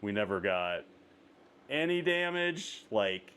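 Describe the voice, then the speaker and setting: A man hosting a casual interview, telling a travel story with lots of "like" fillers and rising excitement. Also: on the low side, slow, clear, resonant tone. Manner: animated storyteller, many "like" fillers. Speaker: podcast host.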